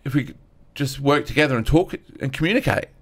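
Comedian telling raw stories. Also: male voice, mid-range voice, a little fast, breathy edge. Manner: earnest, animated retelling with acted-out quotes. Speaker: stand-up comedian guest. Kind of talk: candid conversational storytelling.

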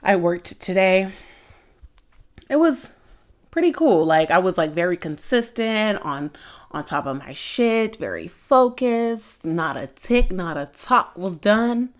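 A woman's voice: medium pitch, expressive, slow pace. A young adult woman hosting a podcast, chatting casually and telling candid stories, filling her speech with "like". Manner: chatty, candid storytelling with lots of "like". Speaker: podcast host. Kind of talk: casual chat.

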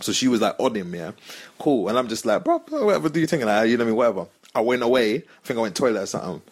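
A man's voice: fairly low pitch, very fast, slightly rough. A young man telling a story on a podcast, acting out the voices of the people in it. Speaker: podcast host. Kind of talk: casual storytelling chat.

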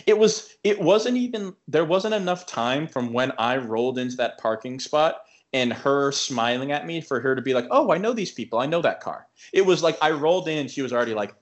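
A young man with an ordinary mid-pitched voice talks through a story on a podcast. He rambles, circles back, and fills every gap with filler words and restarts, in a loose and casual way. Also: a little fast, few pauses. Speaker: podcast co-host.

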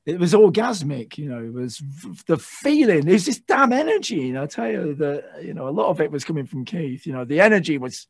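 A man, a guest guitarist, telling excitable stories in a casual interview, swearing and acting out shouts. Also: a little high, a little fast, vocal fry, hardly any pauses, husky, dry recording. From England.

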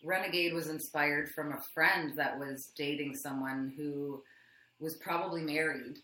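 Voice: medium pitch, fairly even intonation, a little slow, pushed and bright. A musician guest talking casually about songwriting, hesitant and laughing often, trailing off mid-thought. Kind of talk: casual interview chat. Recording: echoey room with faint noise.

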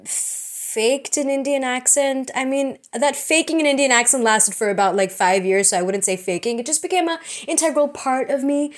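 A young woman with an American accent and a fairly high voice talks casually as a podcast co-host. She laughs often and rambles, breaking off and restarting her sentences. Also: moderate pace, few pauses. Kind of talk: casual chat.

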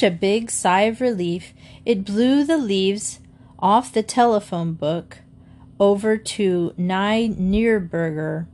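A woman's voice: mid-range voice, takes it slowly, warm tone. Woman reading a children's book aloud. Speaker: storybook reader.

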